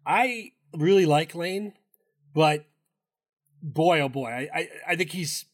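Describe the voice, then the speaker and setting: A man talks sports betting in loose, rambling fashion, cursing freely and restarting his sentences. His voice sits a touch higher than most men's. It is an easy, casual co-host delivery. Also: lively intonation, takes it slowly. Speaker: podcast co-host.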